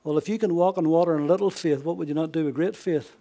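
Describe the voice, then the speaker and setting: A man delivers a sermon in a slightly higher-than-average voice. He presses key words with raised force, then sinks to hushed, almost whispered lines, and keeps checking in with his listeners through rhetorical questions. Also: steady tone, quick pace. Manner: dramatic swings from raised emphasis to hushed near-whisper; frequent rhetorical questions to the congregation. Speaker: preacher.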